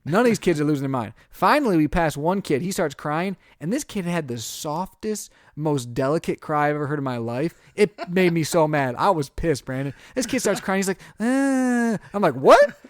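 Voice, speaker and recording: A man's voice: on the high side, lively intonation, brisk, hardly any pauses, no echo, clean studio sound. A man co-hosting a podcast, telling a long story in casual chat and acting out his own reactions. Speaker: podcast co-host.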